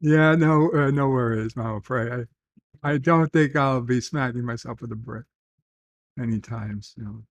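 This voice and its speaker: A middle-aged man hosting a casual livestream. He reads chat messages aloud, then answers softly with dry, rambling humor. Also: mid-range voice, unhurried, no echo, highs cut off. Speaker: livestream host reading chat.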